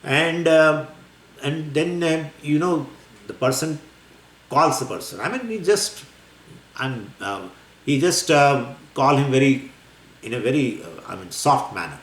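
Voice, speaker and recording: A man giving a scripture lecture as a spiritual teacher, explaining in a lively, wandering way with many fillers and small laughs. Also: medium pitch, unhurried. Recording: echoey room with faint ambience.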